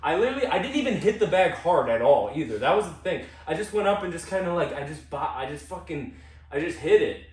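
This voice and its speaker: A man's voice: fairly high pitch, sing-song, fast talker, a little mellow. Rambling young man in an echoey room. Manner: rambling, self-interrupting, swearing freely. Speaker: podcast co-host. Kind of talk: casual storytelling chat. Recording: roomy sound from a distant mic.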